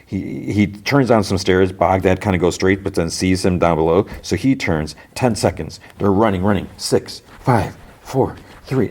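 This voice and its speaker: A man's voice: low-pitched, a little mellow. A podcast host, a man, recapping a TV episode in a rambling, casual way, full of "like" as he acts out the dialogue. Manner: rambling retelling packed with "like", acting out dialogue.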